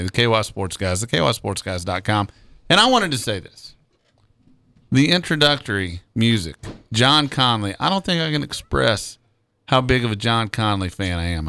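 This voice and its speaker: A man's voice: medium pitch, animated, moderate pace, bright, forceful tone, no room sound. A man co-hosting a casual sports radio show, tired, stammering and laughing often.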